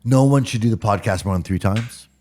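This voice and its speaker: A man with a fairly low voice in casual podcast chat. He gives short, blunt opinions in an offhand way, then talks on at more length when telling a story. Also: brisk, warm tone. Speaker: podcast co-host.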